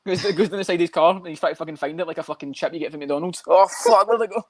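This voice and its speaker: A man talking fast and loose on a podcast, swearing often and breaking into mock voices for laughs. His voice sits a little high and sounds close and dry, with no room around it. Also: fairly even intonation, no room sound. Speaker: podcast co-host. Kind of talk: casual chat.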